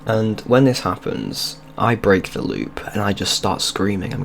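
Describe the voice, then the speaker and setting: A man's voice: on the low side, very animated, unhurried, gravelly, hardly any pauses. A young man, telling a rambling, sweary story in casual vlog style over gameplay. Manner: rambling, sweary and loose, with many restarts. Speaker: video creator.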